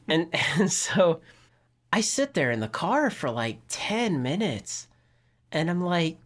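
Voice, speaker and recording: A man's voice: on the high side, sing-song, slow. A man co-hosting a podcast who tells a long, rambling anecdote in casual chat, full of "you know" and restarts. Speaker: podcast co-host telling a story.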